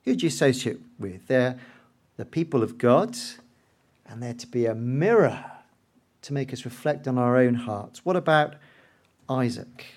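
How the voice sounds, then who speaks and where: A man preaching a sermon, telling the story dramatically and swinging between hushed asides and loud, emphatic lines. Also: mid-range voice, expressive, normal speed.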